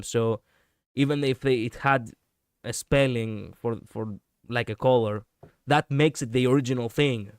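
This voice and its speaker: A man's voice: medium pitch, clear, resonant tone, no echo, clean studio sound. A man chatting casually on a livestream as a VTuber, rambling and laughing often while he responds to viewers. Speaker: VTuber streamer.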